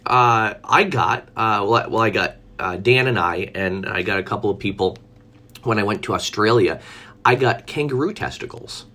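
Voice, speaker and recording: A man's voice: on the low side, normal speed, sharp tone. A man telling a story in a casual live stream, chatty, with frequent laughter, fillers and restarts. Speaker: vlogger.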